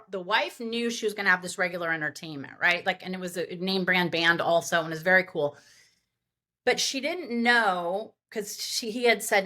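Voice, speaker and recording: A woman event planner telling party stories as a podcast guest, animated and rambling with lots of fillers. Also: mid-range voice. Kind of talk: podcast interview storytelling.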